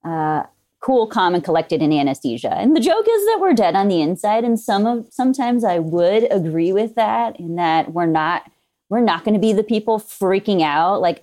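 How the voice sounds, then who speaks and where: A woman's voice: medium pitch, sing-song, moderate pace, mellow. A woman who is a veterinary anesthesia technician, a guest in casual podcast chat, friendly and matter-of-fact, laughing now and then.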